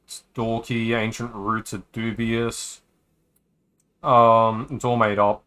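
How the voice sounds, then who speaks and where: A man's voice: medium pitch, little pitch movement, takes it slowly, pushed and bright, clean tone. A man streaming a game who reads its dialogue aloud in a casual way, breaking off for joking asides. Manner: casual, joking asides between read lines. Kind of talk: reading visual novel dialogue aloud on a stream.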